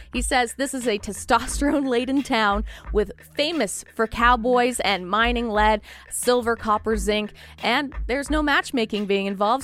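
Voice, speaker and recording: A woman's voice: a little high, fairly bright tone. A woman hosting a casual news podcast, reading the stories with wry, joking asides. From Canada. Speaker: podcast host.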